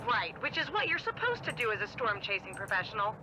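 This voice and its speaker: A woman's voice: mid-range voice, very animated, fast, background noise, close to an everyday voice. An actress voicing a scornful adult woman rival storm chaser in a video game, sarcastic and scolding.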